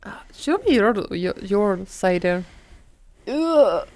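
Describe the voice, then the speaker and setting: A woman's voice: mid-range voice, very animated, slow, long pauses. Tipsy giggly woman podcast co-host. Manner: giggly, loud and playful, swears. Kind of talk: tipsy casual chat.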